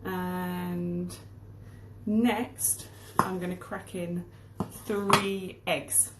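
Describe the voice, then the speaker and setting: A woman's voice: lowish voice, level tone, extremely slow, roomy sound, very noisy. A woman giving a casual English lesson while baking at home, explaining word meanings as she goes. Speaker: English teacher. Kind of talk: casual cooking demonstration lesson. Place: home kitchen.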